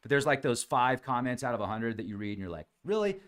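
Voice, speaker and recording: Guy hosting a livestream, super animated, voice jumps all over, casual chatty vibe. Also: medium pitch, quick pace. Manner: animated, chatty, addresses viewers by name, says "man" often. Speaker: podcast host reading live chat comments.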